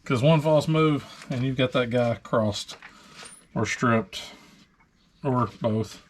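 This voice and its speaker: A man's voice: mid-range voice, takes it slowly, a little hiss or hum. A man hosting a truck repair video, chatting casually and filling gaps with ums while he works on parts in a garage. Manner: relaxed, chatty, talking while wrenching with many fillers. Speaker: host of a truck repair channel. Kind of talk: casual workshop talk-through.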